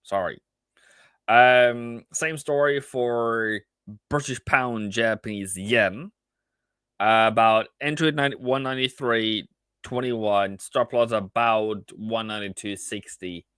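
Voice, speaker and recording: A man trader on a live stream, chatting casually about his trades with animated repeats, asides and laughs. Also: medium pitch, takes it slowly, smooth, dry recording.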